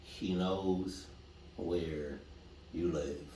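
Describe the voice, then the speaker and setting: A man reacting to scary stories in casual slangy commentary with loud animated outbursts. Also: low voice, drawn-out words. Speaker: reaction streamer. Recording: distant roomy mic with faint noise.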